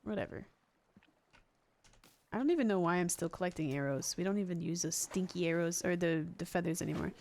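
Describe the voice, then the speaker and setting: A woman streaming a video game, chatting with viewers and giggling loudly at what happens on screen. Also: lowish voice, brisk. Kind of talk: live gameplay commentary.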